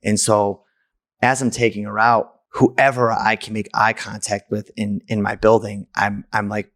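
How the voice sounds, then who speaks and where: Gravelly low-voiced man telling a story. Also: flat delivery, slow, fairly bright tone, no room sound, studio quality. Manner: candid, blunt, swears casually. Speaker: podcast host. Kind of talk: personal storytelling monologue.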